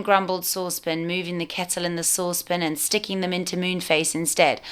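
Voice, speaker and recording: A woman, a teacher, reading a storybook aloud to young children with clear, expressive storytelling. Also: lowish voice, fairly quick, hardly any pauses.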